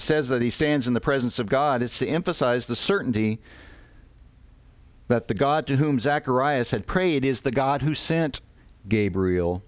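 A man preaching a sermon, reading scripture slowly and deliberately with pauses. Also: on the low side, no room sound.

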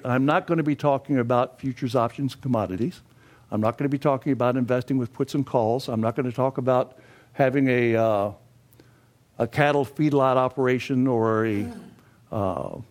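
A man's voice: medium pitch, a little mellow. An older man giving a classroom lecture on finances, folksy and posing questions to the class before answering them himself. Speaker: financial education instructor.

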